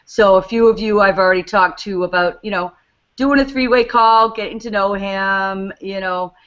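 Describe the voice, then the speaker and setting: A woman's voice: medium pitch, normal speed, a bit bright, lo-fi sound. Upbeat woman with a New England accent. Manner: upbeat and encouraging. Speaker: host. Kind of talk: team call.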